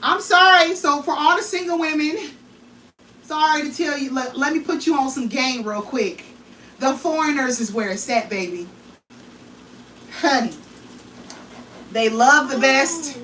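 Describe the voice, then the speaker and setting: A woman's voice: high-pitched, lively intonation, measured pace, long pauses, a little hiss or hum. Chatty woman in an echoey kitchen. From United States. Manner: chatty, loud calls across the house. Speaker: cooking vlogger. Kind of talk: casual chat while cooking. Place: home kitchen. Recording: echoey kitchen, mic at a distance. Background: food sizzling in a pan.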